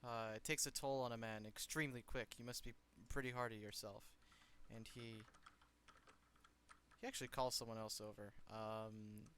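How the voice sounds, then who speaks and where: A man's voice: fairly low pitch, steady tone, a bit bright, a little hiss or hum. Stammering young man running a tabletop game. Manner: halting, stammering repeats. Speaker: game master.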